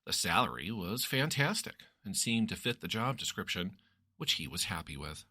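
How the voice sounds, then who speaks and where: A man reading a story aloud as narrator in an expressive, lively way. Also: deep voice, moderate pace, slightly rough, no room sound, studio quality.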